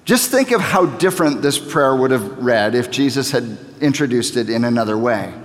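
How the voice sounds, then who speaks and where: A man's voice: medium pitch, animated, normal speed. A man in his thirties preaching a sermon as a pastor, earnest and repeating key phrases for emphasis as he builds to fervor. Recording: long reverb of a large hall.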